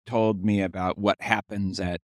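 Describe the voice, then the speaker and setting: A man's voice: fairly low pitch, little pitch movement, unhurried, dry recording, clean studio sound. A man hosting a casual podcast discussion, opinionated and pointed, with some hesitations.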